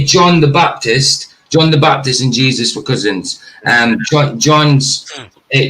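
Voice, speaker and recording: A man's voice: medium pitch, a bit bright, a little hiss or hum, low-quality recording. Teasing, jokey man. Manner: joking, teasing, playful sing-song. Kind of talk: casual banter.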